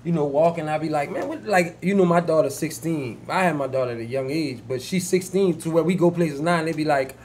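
A man's voice: a little high, brisk, few pauses, darkish tone, a little hiss or hum. A man in his thirties from New Orleans with a New Orleans accent, co-hosting a podcast in casual chat, emphatic and repeating himself when worked up. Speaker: podcast co-host.

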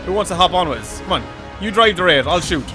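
A man playing a shooter for the first time, laughing, swearing and shouting at his teammates as he goes. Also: high voice, animated, fast. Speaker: gaming YouTuber. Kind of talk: excitable let's-play commentary. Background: game music and vehicle sounds.

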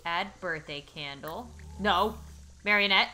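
An excitable woman narrates her own let's play video and shrieks at the game when it misbehaves. Her voice is very bright and sharp-edged, and her pitch leaps up and down. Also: a little slow. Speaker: gaming YouTuber host.

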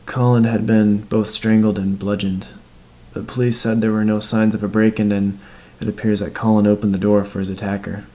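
A man narrating a dark horror tale in a measured, scripted storytelling voice. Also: on the low side, little pitch movement, low-quality recording.

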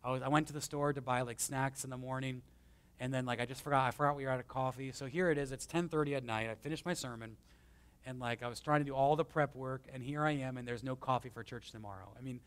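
A man preaching a conversational sermon as pastor, swinging between emphatic and hushed, with self-deprecating stories. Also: medium pitch, fairly even intonation, quick pace, clean tone. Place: church.

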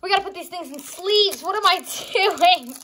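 Excitable high-voiced woman unboxing cards. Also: moderate pace, slight background noise. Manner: excitable, gasping, keeps calling out to viewers. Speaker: YouTuber opening trading cards. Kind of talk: casual unboxing vlog. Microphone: phone on a charger.

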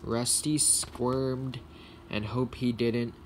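Slow-reading male storybook narrator. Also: medium pitch, fairly bright tone, a little hiss or hum.

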